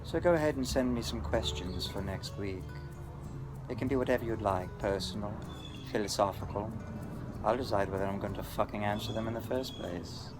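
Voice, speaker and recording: A man vlogging to camera on a selfie stick, joking and swearing in a mock-exasperated way. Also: fairly low pitch. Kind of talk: casual to-camera vlog.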